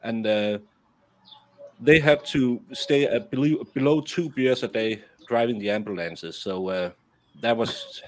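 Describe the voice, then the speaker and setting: A man's voice: mid-range voice, measured pace. A middle-aged Danish man, a baker, telling anecdotes in casual chat, with frequent restarts and a Danish first language. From Denmark. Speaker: guest, baker.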